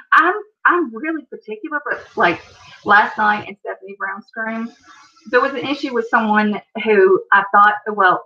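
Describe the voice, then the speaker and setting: A woman's voice: medium pitch, pushed and bright. Appalachian American woman hosting a live stream, chatty, reads viewer comments, slightly muffled home audio. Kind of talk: casual live stream chat.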